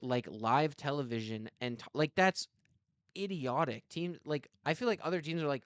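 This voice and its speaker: A man's voice: on the high side, lively intonation, normal speed, a bit bright, smooth, no echo. A man co-hosting a sports podcast, ranting in exasperation about a team owner in casual talk. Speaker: podcast co-host.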